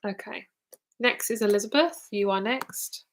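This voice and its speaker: A woman's voice: medium pitch, a little slow, a little hiss or hum. A woman giving tarot readings on a live stream, chatty and blunt, laughing often and tired enough to yawn. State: tired, yawning. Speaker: tarot reader.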